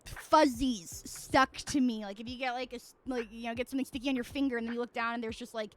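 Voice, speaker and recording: A woman's voice: fairly high pitch, fairly even intonation, quick pace. A woman streamer chatting casually at home while she plays, rambling and venting with plenty of swearing. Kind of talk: casual livestream chat while gaming.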